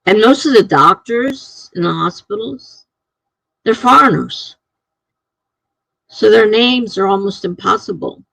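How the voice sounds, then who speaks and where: A woman's voice: medium pitch, animated, unhurried, creaky, pauses often, fairly bright tone, no echo, rough recording. A middle-aged woman streaming live, chatting casually and chuckling as she reads out viewer comments.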